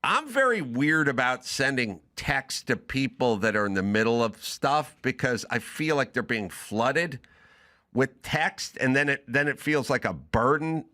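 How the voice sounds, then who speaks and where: Animated man telling a story. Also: medium pitch, a little slow. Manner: animated, acts out both sides of a phone call. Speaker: podcast host; comedian. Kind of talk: casual storytelling.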